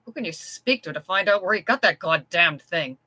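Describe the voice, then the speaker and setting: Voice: medium pitch, expressive, brisk, sharp tone, no room sound. A reader voicing a blunt, protective chambermaid in an audiobook story. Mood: fierce. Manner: blunt, plainspoken.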